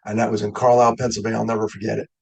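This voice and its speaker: A man's voice: fairly low pitch, level tone, racing, creaky, breathy edge, rough recording. A middle-aged man from New York giving a conversational webinar talk, joking and openly emotional as he goes. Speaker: guest speaker.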